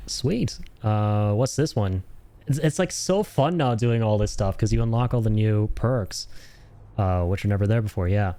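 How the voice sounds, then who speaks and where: A man's voice: lowish voice, normal speed, dark tone, soft background music. Chatty young man streaming a game. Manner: chatty, enthusiastic, laughs often. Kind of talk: casual gameplay commentary.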